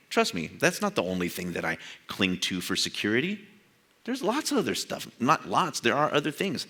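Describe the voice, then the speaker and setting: A man's voice: on the low side, bright, forceful tone. An older man from San Jose preaching a sermon in a conversational way, acting out quoted dialogue and chuckling at his own asides. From San Jose, California. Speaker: pastor.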